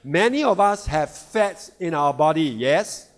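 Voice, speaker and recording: At a sales seminar, a product presenter talks in a fairly high-pitched, expressive voice. His pace is slow, and he leans on rhetorical checks, asking the crowd "right?" and "all right?" again and again.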